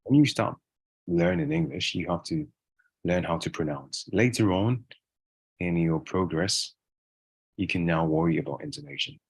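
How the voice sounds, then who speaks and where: A man with a very deep, slightly husky voice speaks in an easygoing interview. He rambles, restarts sentences and leans on fillers as he explains things. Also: expressive, moderate pace, long pauses. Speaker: guest English speaker. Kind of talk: casual conversational interview.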